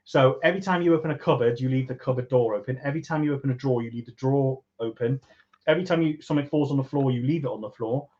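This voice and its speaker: A man from Liverpool with a softened Liverpool accent, co-hosting a podcast in a laid-back, wry, rambling way. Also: mid-range voice, rapid-fire, muffled recording. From Liverpool, England. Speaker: podcast co-host. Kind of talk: casual chat.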